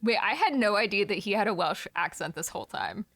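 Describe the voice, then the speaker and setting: A woman's voice: mid-range voice, expressive, fairly quick, a bit bright, no room sound. A woman in a casual podcast chat who asks lots of questions and pokes fun at herself. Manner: curious, asks questions, self-deprecating. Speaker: podcast co-host.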